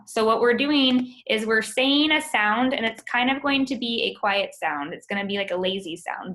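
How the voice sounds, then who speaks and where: A woman teaching a phonics lesson over a video call, slowly sounding out words for her students. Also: a little high, fairly bright tone. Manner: patient, drawn-out sounding of words.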